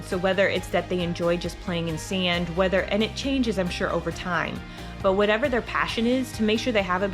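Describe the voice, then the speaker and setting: A middle-aged woman hosting a homeschool channel, giving casual advice in a chatty, rambling way with frequent restarts. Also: medium pitch. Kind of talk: casual advice talk to camera.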